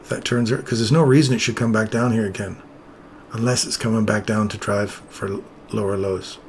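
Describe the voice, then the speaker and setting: A man's voice: fairly low pitch, steady tone, fairly quick, slight background noise. Casual man talking through live trades. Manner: casual, chatty, explains while greeting chat viewers. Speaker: trading streamer. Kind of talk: live trading commentary.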